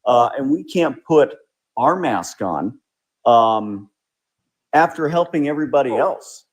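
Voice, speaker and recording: Man explaining in measured commentary. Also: mid-range voice, expressive. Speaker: show host. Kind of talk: political commentary.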